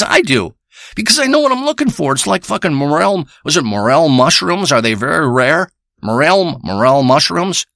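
A man's voice: a little high, bright, forceful tone, dry recording, studio quality. A man playing a crude, rambling male treasure hunter who boasts and swears through a comic monologue. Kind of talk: improvised comic character monologue.

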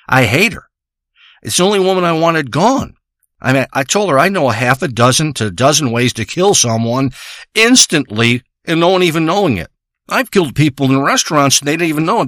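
A man's voice: fairly high pitch, bright, forceful tone, dry recording, studio quality. A man delivering a crude, rambling comic monologue, ranting and swearing as he tells a story.

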